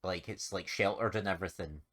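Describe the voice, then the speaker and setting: A man co-hosting a podcast, explaining things in a rambling, halting way during casual chat. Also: low voice, fairly bright tone. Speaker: podcast co-host.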